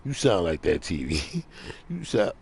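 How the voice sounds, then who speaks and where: A man's voice: sits low, wildly swooping pitch, a little slow, a little mellow, breathy edge. A man hosting his own online radio show, talking in a rambling, slangy monologue and laughing at his own jokes. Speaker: internet radio show host. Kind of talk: casual monologue.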